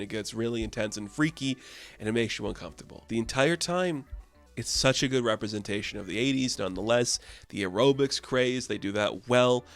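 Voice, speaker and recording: A man's voice: medium pitch, a bit bright. A man giving a casual spoken review of a TV season, chatty and earnest with lots of fillers.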